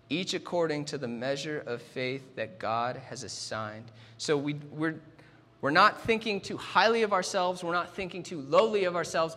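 Young male pastor, earnest sermon delivery, slightly high voice, reverberant hall. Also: fairly bright tone. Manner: earnest, repeats words when starting sentences.

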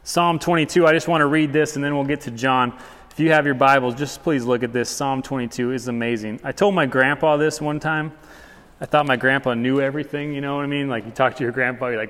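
A man preaching a sermon as pastor, reading scripture aloud and speaking with animated, rising intensity. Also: fairly high pitch, normal speed. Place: church sanctuary. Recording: long hall reverb.

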